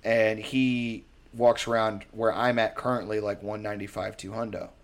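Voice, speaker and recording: A young man in casual chat, rambling and profane, telling animated stories. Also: fairly low pitch, normal speed.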